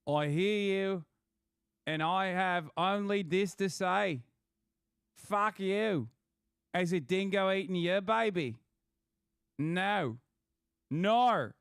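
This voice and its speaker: Brief: profane mock Aussie politician, slightly high, smooth, as a man puts it on. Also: unhurried, hardly any pauses, no room sound, studio quality. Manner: profane, mocking. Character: crude mock Australian prime minister, middle-aged man.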